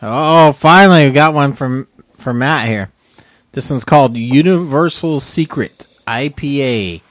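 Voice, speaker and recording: A man's voice: mid-range voice, unhurried, fairly bright tone, no echo. Chatty male podcast host, dry sound. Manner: chatty, laughs easily. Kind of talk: casual chat.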